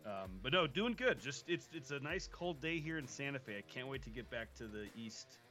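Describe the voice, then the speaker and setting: A man co-hosting a casual talk show, speaking in halting, supportive banter. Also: medium pitch, sing-song, bright, forceful tone, soft background music. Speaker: co-host.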